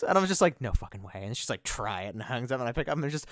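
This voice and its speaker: A man rambling through a casual livestream, swearing freely and poking fun at himself. His voice swings widely in pitch and stays smooth and resonant. It sounds close and dry, with no room echo. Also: expressive, fast talker, sharp tone. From United States. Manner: rambling, profane, self-mocking. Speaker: streamer.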